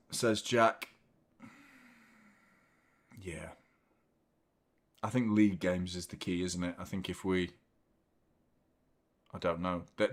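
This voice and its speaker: A man hosting a live football watchalong, commenting on the match, chatting to viewers and swearing freely. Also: on the low side. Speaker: host of a football watchalong stream.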